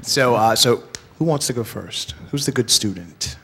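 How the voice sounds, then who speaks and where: A man moderating a live stage interview before an audience, relaxed and joking, with brief encouraging replies. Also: medium pitch, normal speed, a little hiss or hum.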